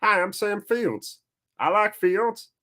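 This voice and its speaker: A man putting on a Southern American accent to voice a complaining male footballer, high and drawn out. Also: lively intonation, takes it slowly, pushed and bright, exaggerated voice. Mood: whiny. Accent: Southern American (put on).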